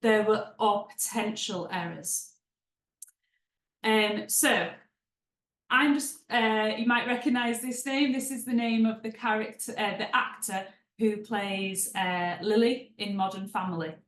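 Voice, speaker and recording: A woman's voice: medium pitch, measured pace. Chatty woman teaching in an echoey room. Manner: conversational, with chatty asides. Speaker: writing trainer and proofreader. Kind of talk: webinar teaching.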